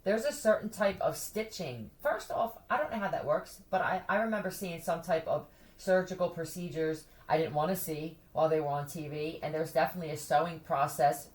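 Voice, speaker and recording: A woman's voice: deep voice, brisk. A woman chatting casually with her viewers, blunt and profane, often breaking into laughter. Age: adult who has a son.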